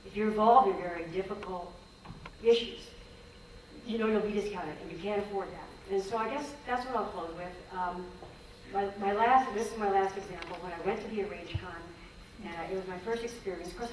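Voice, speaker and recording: A woman speaks at a symposium in a frank, earnest way, circling back and restarting her sentences as she works her way through a point. She is heard from well back in a strongly echoing hall, with a faint hiss of noise underneath. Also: medium pitch. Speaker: symposium presenter, former range conservationist. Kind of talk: conference talk with questions. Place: conference hall. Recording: echoey hall, distant mic, faint noise.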